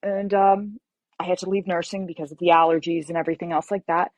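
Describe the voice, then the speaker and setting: A woman guest author telling a personal story in lively conversation, acting out what others said and using precise medical terms. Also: on the low side, quick pace, dry recording, low-quality recording. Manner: animated, acts out quoted people.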